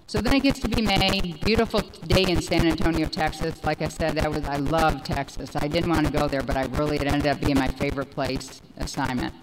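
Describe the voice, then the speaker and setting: A woman in her forties giving a personal recovery testimony, rambling and animated, with many fillers. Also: low voice, brisk, few pauses, background noise. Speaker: speaker sharing recovery story.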